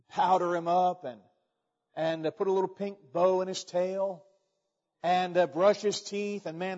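Male preacher, folksy repetitive storyteller; high voice, muffled hall recording. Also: a little mellow. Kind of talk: sermon. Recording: echoey hall, dull sound.

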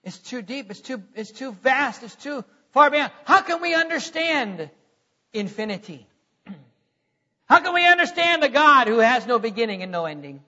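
A man preaching a sermon in a church, animated and jokey, acting out mocking voices. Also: very high-pitched, moderate pace. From Texas. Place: church sanctuary. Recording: dull sound with long hall reverb.

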